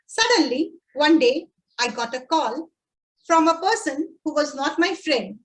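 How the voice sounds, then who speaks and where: Slow, high-voiced woman giving a speech. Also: very animated, low-quality recording. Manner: slow, deliberate, with dramatic pauses. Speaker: club speaker. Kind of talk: prepared public speech.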